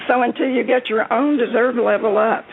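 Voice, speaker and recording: A woman with a noticeably gravelly, fry-laden voice speaks in an enthusiastic, encouraging way as a guest on a motivational panel. The sound is narrow and tinny, like a phone line, with a faint hiss behind it. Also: on the high side, fairly even intonation, a little fast. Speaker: panel guest, success coach.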